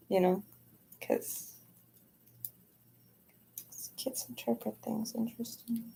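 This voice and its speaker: Her pitch is fairly high and steady, her pace extremely slow with long pauses, and her warm tone has vocal fry over a faint hiss or hum. The young adult vlogger speaks frankly and wearily to camera in a rambling personal monologue, swearing freely and often falling to a near whisper.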